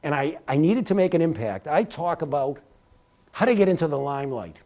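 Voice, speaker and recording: Man telling career stories, dark voice. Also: a little high, fairly quick. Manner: animated storyteller, slips into sportscaster cadence. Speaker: speaker giving a talk. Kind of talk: motivational talk with anecdotes. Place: lecture hall at a university.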